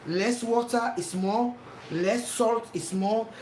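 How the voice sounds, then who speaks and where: A woman's voice: on the high side, slow, darkish tone. A woman giving a cooking demonstration in her home kitchen, talking the viewer through each step and repeating instructions over and over. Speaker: home cook. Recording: echoey kitchen with frying noise.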